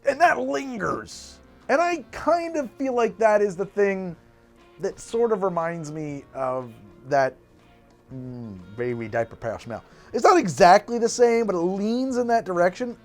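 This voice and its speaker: Animated rambling man mixing drinks. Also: sits high, a little slow, faint music behind. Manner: rambling and animated, trailing off and restarting. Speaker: cocktail show host. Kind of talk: casual chat while mixing drinks.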